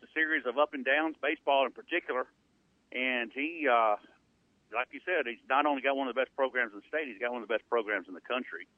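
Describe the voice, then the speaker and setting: A man's voice: medium pitch, fast, dry recording. A middle-aged man co-hosting a sports talk radio show, talking in a rambling, conversational way with many fillers. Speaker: radio co-host. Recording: narrow phone-like band, dry.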